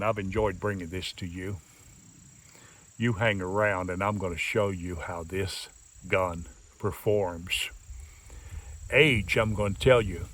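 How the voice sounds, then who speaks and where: An older man giving a casual, folksy show-and-tell review of a rifle, drawn-out and emphatic. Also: fairly low pitch, a bit bright. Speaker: gun reviewer. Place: outdoors in the countryside. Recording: outdoor mic some distance off, faint crickets.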